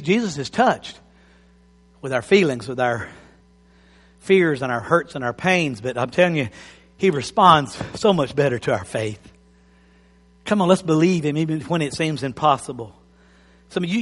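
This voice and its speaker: Animated preacher with a high voice. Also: male voice, big-room sound. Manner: animated, repeats phrases, acts out quotes. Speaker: pastor. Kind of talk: sermon.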